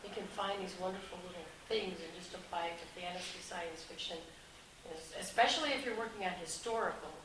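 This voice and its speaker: A woman's voice: on the low side, a little fast. A woman in a casual panel chat, talking about writing in an enthusiastic, chatty way. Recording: echoey room, distant mic, background noise.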